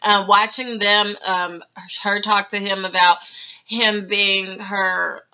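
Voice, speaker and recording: A woman's voice: medium pitch, level tone, takes it slowly, bright, forceful tone, smooth. A young woman chatting through a casual recap of a reality TV episode, laughing and mimicking the people she talks about. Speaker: reality TV reviewer. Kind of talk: casual video commentary. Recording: slightly dull lo-fi sound.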